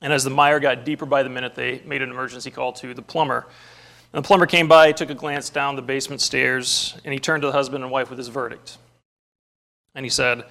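Gravelly-voiced male preacher. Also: mid-range voice, steady tone, a little fast, bright, forceful tone. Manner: storytelling, earnest and emphatic, quotes scripture. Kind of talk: sermon.

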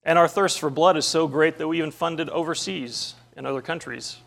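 Gravelly-voiced male preacher. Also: fairly high pitch, brisk, a bit bright. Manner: storytelling, earnest and emphatic, quotes scripture. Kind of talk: sermon.

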